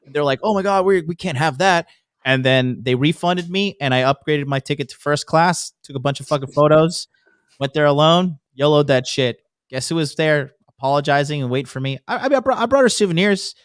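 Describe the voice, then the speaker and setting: A man's voice: on the high side, fairly quick, clear, resonant tone, no room sound, clean studio sound. A man guesting on a podcast who tells stories in a brash, boastful way and swears constantly. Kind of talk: casual storytelling.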